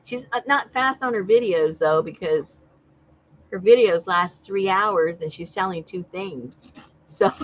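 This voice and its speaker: A woman's voice: mid-range voice, measured pace, highs cut off. A woman hosting a casual crafting chat, talkative and teasing, laughing often. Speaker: crafting channel host.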